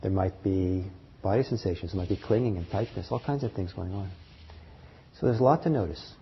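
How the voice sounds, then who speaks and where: A man teaching meditation to a live group, talking in a halting way with fillers, restarts and soft chuckles. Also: low voice, slight background noise. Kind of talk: dharma talk to a group. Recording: dull lo-fi talk recording.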